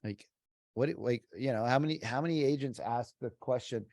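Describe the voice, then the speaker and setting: A man's voice: medium pitch, normal speed, darkish tone, no echo, studio quality. A middle-aged man, a sales trainer talking casually as a podcast guest, emphatic and full of "like" and "right?".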